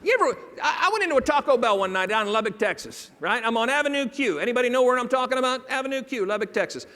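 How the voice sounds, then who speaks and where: A man's voice: very high-pitched, very fast. A man giving a comedic storytelling keynote to an audience, acting out the voices of people in his stories. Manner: animated, acts out quoted voices. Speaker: keynote speaker. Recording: long hall reverb.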